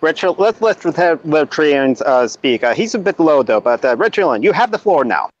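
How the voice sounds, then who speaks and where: A man's voice: a little high, big pitch swings, a little fast. A man in a casual group voice chat, speaking bluntly and animatedly. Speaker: chat participant. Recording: muffled voice-chat line with faint noise.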